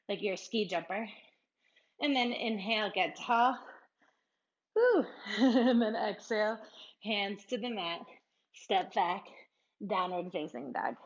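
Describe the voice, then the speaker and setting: A woman leads a yoga class with short, unhurried cues, her breath a little labored from moving along with the poses. She keeps a light, self-amused manner, laughing at herself between instructions. Her voice sits at an ordinary middle pitch, and the recording sounds slightly dull.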